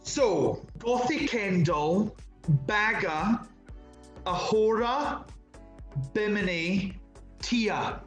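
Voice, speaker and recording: A man's voice: sits high, very slow, long pauses, fairly bright tone, echoey room, soft background music, rough recording. A man with a Scottish accent, chatting animatedly as an interview guest and often restarting his words. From Scotland. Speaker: interview guest, drag performer. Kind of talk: casual interview chat.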